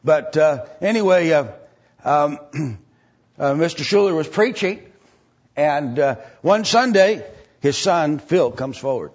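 A male preacher telling a story in his sermon, rambling with many fillers and restarts. His voice is husky. The lo-fi recording sounds dull. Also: on the high side, animated, slow, a little mellow.

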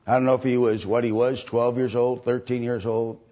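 A man's voice: medium pitch, flat delivery, fairly quick, mellow, dull audio. A male preacher telling a story in a sermon, rambling and full of fillers. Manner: rambling with many fillers and restarts.

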